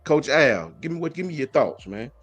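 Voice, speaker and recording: A man hosting a casual sports talk stream, greeting viewers in slang and talking in animated bursts. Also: fairly high pitch, moderate pace, husky, no room sound, lo-fi sound. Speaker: sports talk show host.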